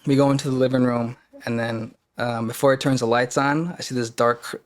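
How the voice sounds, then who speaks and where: A man's voice: medium pitch, steady tone, brisk. A man, a podcast guest, telling a personal story in a casual, earnest and openly emotional way.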